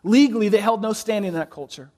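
Man, pastor, sermon, fairly high voice, dramatic pauses, quiet emphatic drops. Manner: preaching with dramatic pauses, dropping soft on key phrases; asks the congregation to fill in words.

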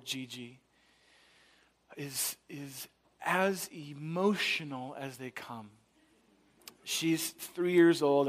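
A man in his thirties preaching a sermon, telling a family story and acting out the voices of his wife and little daughter. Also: mid-range voice. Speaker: pastor.

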